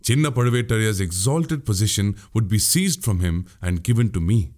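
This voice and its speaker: A man's voice: on the low side, animated, fairly quick, darkish tone, voice pushed down, natural voice. A man voicing a witty, boastful young male warrior in an audiobook, speaking grandly. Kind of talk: audiobook character voice.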